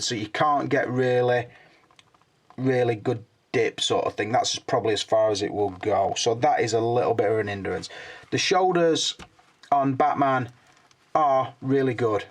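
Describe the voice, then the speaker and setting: An older man, chatting frankly through a hands-on toy review and swearing casually. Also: medium pitch.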